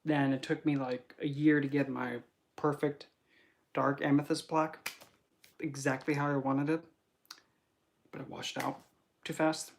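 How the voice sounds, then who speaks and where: A young man, a spiritual reader, chatting casually on a livestream and telling rambling, animated stories with many fillers. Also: mid-range voice, measured pace, creaky, pauses often.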